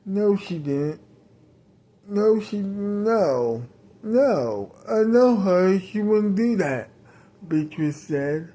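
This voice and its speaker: A woman voicing an anxious young woman who insists on defending a friend, her voice pitched up and pushy. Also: expressive, drawn-out words, warm tone. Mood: indignant.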